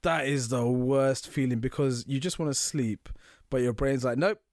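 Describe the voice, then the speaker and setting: A man co-hosting a podcast, telling animated stories and laughing often. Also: medium pitch, normal speed, dry recording, clean studio sound. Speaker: podcast co-host. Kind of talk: casual chat.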